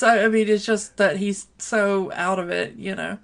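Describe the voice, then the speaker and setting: A woman co-hosting a podcast in casual chat, unhurried, with lots of fillers. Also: medium pitch, fairly even intonation, vocal fry, a bit bright. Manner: unhurried, many fillers like um and you know. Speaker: podcast co-host.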